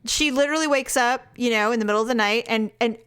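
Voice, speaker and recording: Woman cohost chatting on a podcast, animated, laughs a lot, highish voice. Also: fast, smooth. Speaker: podcast co-host. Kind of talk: casual chat.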